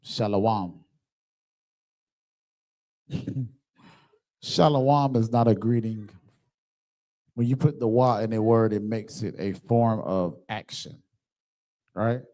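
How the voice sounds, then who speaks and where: A man teaches an online scripture class with screen sharing over a computer microphone, speaking emphatically and often checking that listeners follow. His voice is fairly low and warm, with fairly even intonation, a slow pace and long pauses.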